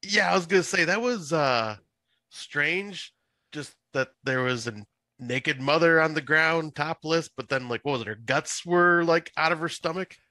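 A man who is a guest on a podcast, chatting casually about a film, agreeable and quick to chime in. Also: a little high, bright, forceful tone, no echo. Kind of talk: casual chat reviewing a film.

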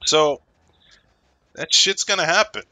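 A man's voice: on the high side, expressive, a little slow, bright, forceful tone. A man vlogging about games in a casual, profane, joking rant. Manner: profane, laid-back, joking. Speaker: gaming vlogger.

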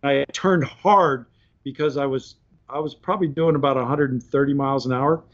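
A man telling long stories on a podcast in a casual, animated way, often laughing as he talks. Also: medium pitch, moderate pace. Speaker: podcast guest. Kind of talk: casual storytelling. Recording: dull lo-fi podcast audio.

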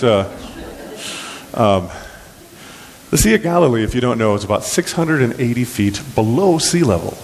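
A man preaching in an easygoing, folksy way, telling stories with plenty of ums and false starts. His voice sits in a middle register. A long church-hall reverb and a faint hiss hang behind it. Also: medium pitch. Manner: folksy, conversational, many fillers and restarts. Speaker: pastor. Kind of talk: storytelling sermon. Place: church sanctuary.

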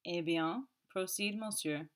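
A woman's voice: on the low side, slow, a bit bright. A woman playing a fussy, stern male magistrate. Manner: indignant, then sentimental sighs.

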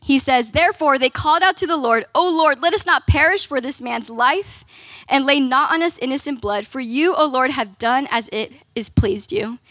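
A young woman preaches to a youth group in a loose, conversational style. Her voice sits high, and she keeps tossing in "like" and "right?". The sound is dry and close, with no room echo. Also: moderate pace, a bit bright. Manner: casual, conversational, many "like"s and "right?". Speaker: youth ministry speaker. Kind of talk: youth sermon.

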